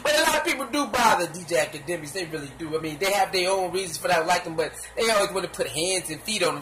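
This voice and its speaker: A man giving casual, animated gossip commentary in slangy talk, laughing and acting out what others said. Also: high-pitched, noisy background. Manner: sound effects and repeated filler phrases.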